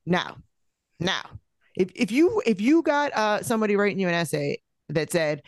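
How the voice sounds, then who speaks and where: A woman's voice: mid-range voice, animated, moderate pace, dry recording, clean studio sound. A woman co-hosting a podcast in casual chat, complaining emphatically and with mock exasperation. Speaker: podcast co-host.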